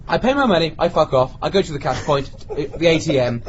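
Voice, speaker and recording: A man spins a comic tale for his friends on a podcast and acts out every quoted line. His voice sits fairly high and swings widely in pitch. The recording sounds dull and lo-fi, with a faint hiss underneath. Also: quick pace. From Britain. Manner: animated anecdote-telling, acting out quoted lines. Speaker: podcast co-host. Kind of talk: casual storytelling among friends.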